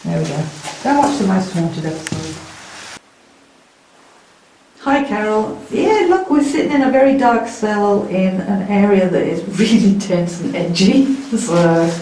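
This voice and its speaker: A woman hosting a live ghost hunt in a dark stone prison cell, chatting nervously to her viewers. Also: medium pitch, a little slow. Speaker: paranormal investigator and host. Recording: very echoey stone room with hiss.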